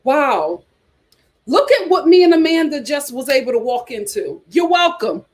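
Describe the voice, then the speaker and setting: A woman hosting a reality TV commentary livestream, sassy and animated, reading viewer super chats aloud. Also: high voice, moderate pace.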